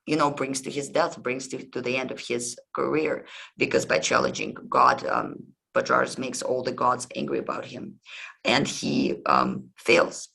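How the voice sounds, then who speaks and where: A man's voice: mid-range voice, expressive, unhurried, creaky, bright, forceful tone, slightly rough, low-quality recording. A man hosting a history podcast, retelling old myths in a casual lecture, hesitant and full of ums and restarts.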